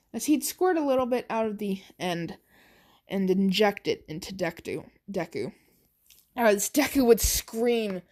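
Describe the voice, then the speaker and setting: Slow stuttering woman storyteller. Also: medium pitch. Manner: stuttering, halting restarts. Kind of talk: amateur fan story narration.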